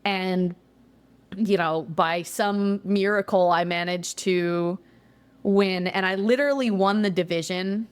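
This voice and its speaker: A young woman with a slightly low voice tells the story of her competitions in a relaxed interview. She talks in a loose, chatty way, sprinkling in "like" and swearing now and then when she gets excited. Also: takes it slowly, smooth. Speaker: guest, jiu-jitsu competitor.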